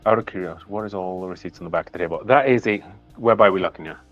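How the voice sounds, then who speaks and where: A man's voice: deep voice, racing, muffled recording, faint music behind. A man with a Welsh accent hosting a casual whiskey livestream, chatty and easygoing, thanking viewers by name. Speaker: whiskey channel host. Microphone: clip-on mic on his shirt.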